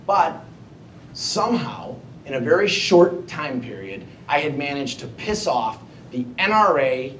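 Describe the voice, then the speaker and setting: A man giving a motivational storytelling speech to an audience, animated and self-mocking as he acts out his own past thoughts. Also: measured pace. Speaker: keynote speaker. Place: event hall before an audience. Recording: echoey hall, distant mic, faint rumble.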